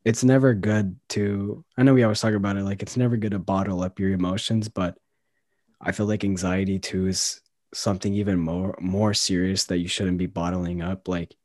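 A man's voice: low-pitched, little pitch movement, moderate pace, a little mellow, dry recording, studio quality. A man co-hosting a podcast, talking earnestly and reflectively in casual chat with many fillers. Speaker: podcast co-host.

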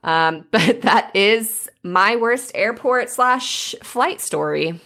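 A woman's voice: a little high, expressive, slow pace, bright, forceful tone. A young woman in casual chat, telling a story with candid, self-mocking humor.

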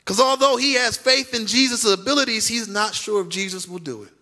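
A man preaching a sermon as pastor, speaking to the congregation with direct questions and drawn-out emphatic words. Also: high voice, pushed and bright. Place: church sanctuary.

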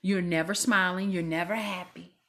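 A woman hosts a faith podcast and speaks to her listeners in an exhorting, preachy manner. Her voice sits a little low and sounds husky. She often sinks into soft whispers to press a point home. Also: fairly even intonation, moderate pace. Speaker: podcast host. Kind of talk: faith-based podcast talk.

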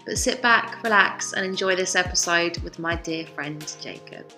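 A woman's voice: lowish voice, moderate pace. Woman host reading an intro over music. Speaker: podcast host. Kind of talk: scripted podcast intro. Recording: voice over clear music bed.

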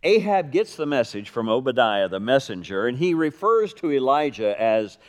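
A man preaching a sermon, telling a story with lively quoted voices and dry jokes. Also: medium pitch, normal speed, few pauses. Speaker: pastor. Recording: reverberant hall.

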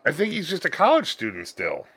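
A man co-hosting a podcast, reacting to a film with animated, wisecracking remarks. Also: a little high, a little fast, a little hiss or hum. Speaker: podcast co-host. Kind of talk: casual movie watch-along chat.

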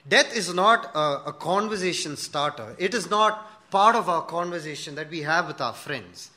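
A man's voice: fairly high pitch, normal speed. A man preaching a sermon to his congregation, telling a joke with acted-out voices and then asking earnest rhetorical questions. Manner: animated storytelling, acting out dialogue in a joke. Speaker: pastor.

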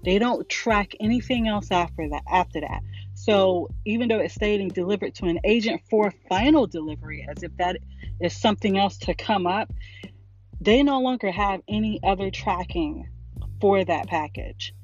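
A woman's voice: mid-range voice, normal speed, breathy edge. A middle-aged woman hosting a podcast, talking in a casual, rambling monologue that is emotional and often broken by laughter. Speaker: podcast host. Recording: dull lo-fi recording, faint music.

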